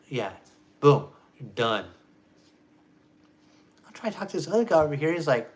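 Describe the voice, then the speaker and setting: A man ranting to camera as a vlogger, profane and emphatic, swinging between loud jabs and low mutters. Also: big pitch swings, moderate pace, long pauses.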